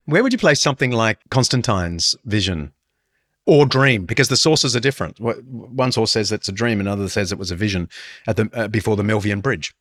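Male host, lowish voice, lively delivery, dry wit. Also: brisk. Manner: wry, dry humour. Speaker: podcast host. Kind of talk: conversational interview and scripted narration.

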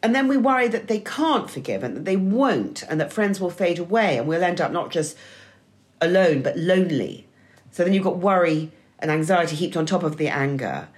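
Wry middle-aged woman co-hosting, lively pitch. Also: moderate pace. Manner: wry, emphatic, swearing freely. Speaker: podcast co-host. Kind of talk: scripted-sounding conversational essay.

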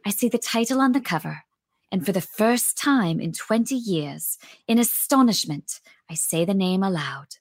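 A woman's voice: mid-range voice, lively intonation, normal speed, slightly rough, no room sound, studio quality. A woman voicing a guilt-ridden young bookseller in a put-on British accent with a Brooklyn tinge, reading in the first person. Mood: wistful. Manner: reflective first-person storytelling. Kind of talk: podcast dramatic reading.

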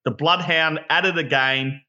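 A man with an Australian accent, co-hosting a casual podcast in an enthusiastic, excitable way. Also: fairly high pitch, a little slow, highs cut off. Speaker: podcast co-host.

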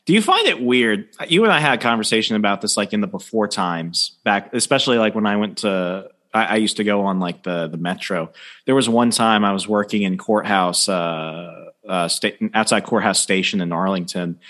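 A man's voice: fairly low pitch, a bit bright. A young man in casual podcast chat, joking crudely and rambling through long anecdotes.

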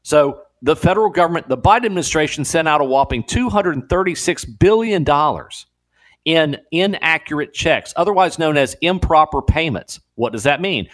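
Radio host guy, talks up high and bouncy, riffs and scoffs. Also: normal speed. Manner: animated, incredulous, laughing asides. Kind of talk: talk radio monologue. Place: radio studio.

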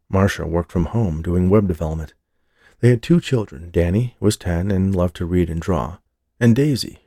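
Deep, gravelly man narrating a story. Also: warm tone, no room sound, clean studio sound. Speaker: audiobook narrator. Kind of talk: scripted narration.

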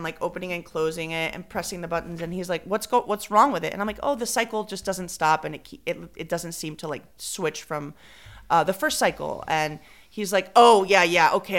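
A woman tells a story on a podcast. She talks in a casual, animated way and acts out each quote. Now and then she drops a Spanish phrase. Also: lowish voice, a little fast. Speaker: podcast co-host.

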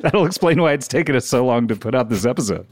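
A middle-aged man trading jokes on a comedy podcast, his voice swinging all over the place as he teases and laughs. His voice sits at a medium pitch and sounds close and dry. He keeps the banter light and mischievous. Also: expressive, fast talker, a little mellow, no echo. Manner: playful, teasing, laughs often. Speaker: podcast co-host.

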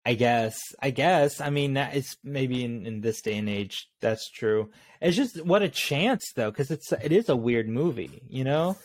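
A man co-hosting a casual movie podcast, musing aloud in a relaxed way. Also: mid-range voice, measured pace, few pauses. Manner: relaxed, thinking aloud with fillers. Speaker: podcast co-host.

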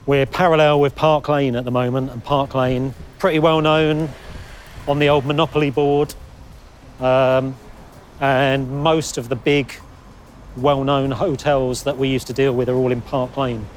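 A former police officer talking casually while walking outdoors, relaxed with fillers. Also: male voice, mid-range voice, unhurried, slight background noise. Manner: relaxed, conversational guide with fillers. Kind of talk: casual chat on location. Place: city street outdoors.

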